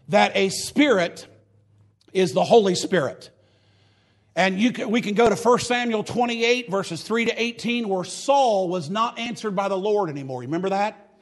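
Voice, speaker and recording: Husky-voiced man preaching a folksy sermon. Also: sits high. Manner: folksy, mocking, preaching with rising and falling intensity.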